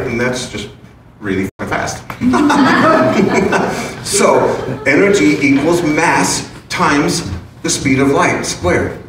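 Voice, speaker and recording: A man's voice: mid-range voice, fairly bright tone. Playful man speaking in an echoey room. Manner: playful and chuckling, with casual asides. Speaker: speaker giving a talk to an audience. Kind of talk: informal spiritual talk. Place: large room with an audience. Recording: very echoey room, distant mic, background noise.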